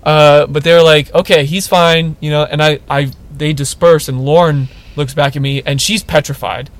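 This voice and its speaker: A man's voice: fairly high pitch, normal speed. A young man co-hosting a casual podcast, telling a funny story and acting out the quotes in it. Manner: animated storyteller, acts out quotes. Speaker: podcast co-host.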